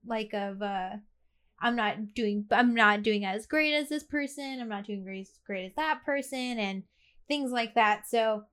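A woman's voice: a little high, unhurried, a bit bright, smooth. A woman co-hosting a casual podcast, talking candidly and laughing easily, with the hiccups. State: has the hiccups. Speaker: podcast co-host.

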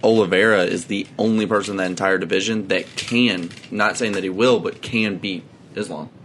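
A man's voice: low voice, steady tone, normal speed, fairly bright tone, slight background noise. A young man co-hosting a casual podcast chat, easygoing and agreeable. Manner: easygoing, agreeable, says yeah a lot. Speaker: podcast co-host.

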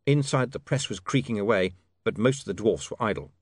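A man narrating an audiobook in a measured, expressive reading. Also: lowish voice, no echo, studio quality.

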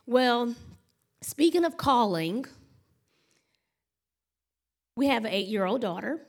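A woman pastor, preaching in a chatty, story-driven way. Her voice sits high and she talks to the congregation warmly as y'all and honey. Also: normal speed. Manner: chatty, animated storytelling with laughs and acted-out noises. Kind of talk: sermon.

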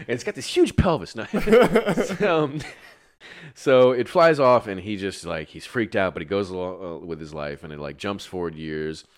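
A man's voice: lowish voice, lively intonation, moderate pace. A young man in casual chat, telling a long rambling story with frequent laughs and swearing.

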